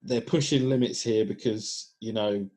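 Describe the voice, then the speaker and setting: A podcast co-host with a somewhat low voice that has a husky edge. He talks in a relaxed, casual way, recapping events with plenty of pauses and fillers. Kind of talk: casual chat.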